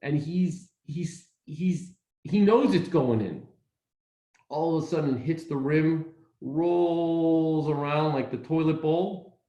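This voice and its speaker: A man telling an inspirational story in an animated way, speeding up in quick bursts. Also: a little high. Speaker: community speaker. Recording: echoey room.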